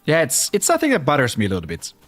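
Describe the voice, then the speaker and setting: A man's voice: a little high, wildly swooping pitch, rapid-fire, soft background music. A young man with a Flemish accent, Dutch-speaking, chatting casually and self-deprecatingly with his viewers while playing a game. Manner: rambling, self-deprecating, talks to chat. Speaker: streamer. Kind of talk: casual livestream chat over gameplay.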